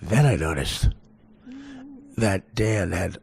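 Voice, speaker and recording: Man, podcast host, crude rambling stories, stammers, lively swoops in pitch. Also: takes it slowly, creaky, a little hiss or hum. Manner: rambling, stammering, laughing at his own jokes. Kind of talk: crude comedic storytelling.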